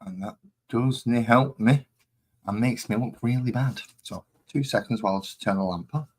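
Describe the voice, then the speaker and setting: A man's voice: mid-range voice, moderate pace, slightly rough. A man casually chatting on a live stream while painting models, rambling and easily distracted.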